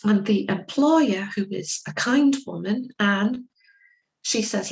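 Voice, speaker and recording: Slow, deliberate woman lecturing. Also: mid-range voice, creaky, a little mellow, rough recording. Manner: slow, deliberate storytelling, acting out quoted speakers. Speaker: legal English teacher. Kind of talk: lecture with case stories.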